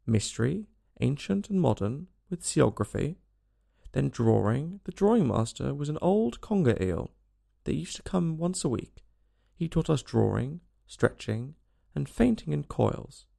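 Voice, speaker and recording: A mournful, sobbing mock turtle sighs through his schooldays, plaintive and sentimental, with a gravelly edge, as a storybook reader puts him on. His pitch rises and dips in a lively way. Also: unhurried, exaggerated voice. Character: weepy sentimental mock turtle, male, melancholy.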